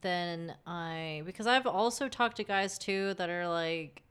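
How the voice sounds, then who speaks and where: A woman's voice: fairly low pitch, a little slow, clean tone. A woman in candid podcast chat, telling stories animatedly and acting out what others said, with many fillers. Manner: animated storytelling, acts out quoted voices, many likes. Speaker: guest.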